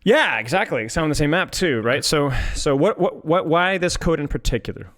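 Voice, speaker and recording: A man's voice: a little high, expressive, moderate pace, a bit bright. A man coaching a player in a casual chat, joking and teasing as he goes. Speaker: game coach.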